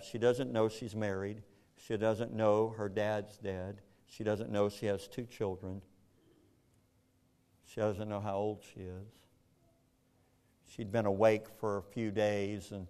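A man's voice: lowish voice, darkish tone, clean tone. A man, telling a personal story in an earnest, plainspoken way. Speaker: speaker telling his story. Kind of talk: personal testimony.

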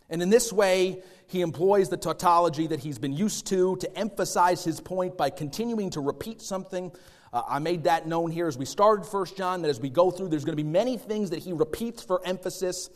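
A man preaching a conversational sermon, often using filler words and rising in pitch to stress his points. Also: a little mellow. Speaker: pastor.

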